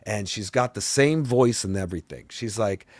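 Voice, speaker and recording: A man's voice: fairly low pitch, normal speed, no echo, close to an everyday voice. A man playing a boastful vampire talk-show host, telling a rambling, exasperated story and swearing along the way. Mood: ranting. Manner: rambling and exasperated, swears, voice often climbs and grows loud. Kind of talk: comedic rant.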